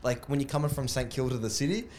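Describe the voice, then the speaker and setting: A man's voice: mid-range voice, fast, darkish tone, slight background noise. A young man telling a rowdy story in casual podcast chat, laughing and swearing as he goes.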